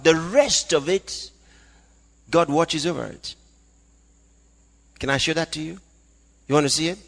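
A man preaching a sermon, reading scripture aloud and swinging between loud calls and hushed asides. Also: a little high, gravelly. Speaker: pastor. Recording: long hall reverb.

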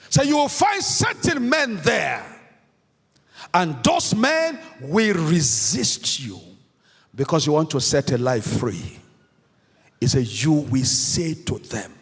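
A pastor with a fairly high, breathy-edged voice preaches slowly and very animatedly, repeating key phrases and putting call-and-response questions to the congregation. The recording is in an echoey hall with long reverb.

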